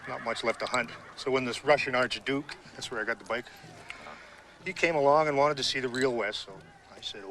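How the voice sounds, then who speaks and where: An actor playing a sly, playful male trickster on the frontier, dry and deadpan, in a film clip. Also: mid-range voice, lightly acted. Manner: wry, deadpan storytelling. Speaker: film character. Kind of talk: film dialogue. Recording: film clip with background noise.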